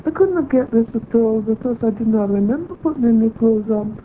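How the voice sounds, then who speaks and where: A woman tells her story at an unhurried pace, slipping into the voices of the people she remembers. Her voice sits fairly high, and the recording is tinny and phone-like, with a faint hiss underneath. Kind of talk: recounting a personal experience. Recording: tinny phone-like old tape.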